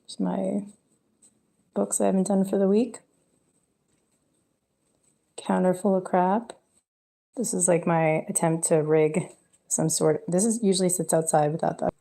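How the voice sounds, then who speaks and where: A woman rambles candidly on a casual home livestream, jumping between subjects and at times dropping to a whisper. Her lowish, mellow voice is creaky and fairly even in intonation, and she speaks a little slowly with frequent pauses.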